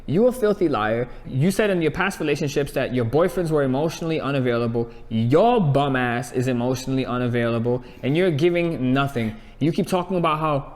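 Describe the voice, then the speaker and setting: A man co-hosting a reality TV review, talking in a lively, casual way and mock-scolding the people on the show as if they could hear him. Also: mid-range voice, a little fast, few pauses, big-room sound. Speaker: co-host of a reality TV review channel. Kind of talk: animated casual review chat.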